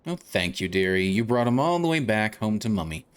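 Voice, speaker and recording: A man's voice: on the low side, sing-song, fairly quick, faint music behind. A man voicing a fussy, doting older woman who owns a cat in a video game, cooing and fussing as she talks. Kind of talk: reading game dialogue aloud.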